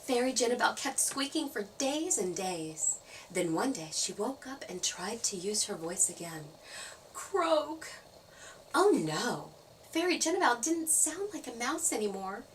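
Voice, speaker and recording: Lively children's storyteller, woman, slightly distant mic. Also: medium pitch, normal speed, slight background noise. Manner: expressive, playful sound effects.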